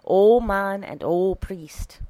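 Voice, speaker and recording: A woman's voice: medium pitch, drawn-out words, dark tone, no room sound. A woman reading aloud and voicing a dry, curt male priest of fifty-nine.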